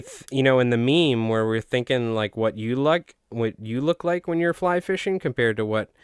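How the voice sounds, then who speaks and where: A man's voice: medium pitch, clear, resonant tone, no room sound, studio quality. A young man with a Long Island accent chatting casually and jokingly on a live stream while tying flies, rambling with many fillers.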